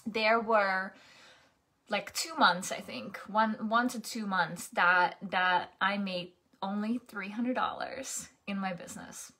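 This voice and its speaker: A woman's voice: mid-range voice, slow, pushed and bright. A young adult woman coaching in a casual, chatty monologue, often restarting and asking "right?".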